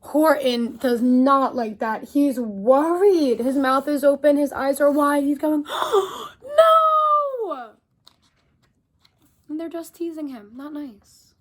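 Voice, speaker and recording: A woman reading a picture book aloud to children, animated, and stopping to talk to her young listeners. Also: high-pitched, unhurried, hardly any pauses. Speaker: storyteller.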